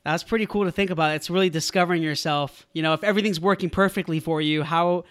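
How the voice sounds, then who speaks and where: A man's voice: fairly high pitch, fairly even intonation, quick pace, a bit bright, smooth. A man hosting an interview podcast, upbeat and effusive in his praise and sign-off. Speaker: podcast host. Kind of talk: enthusiastic interview host.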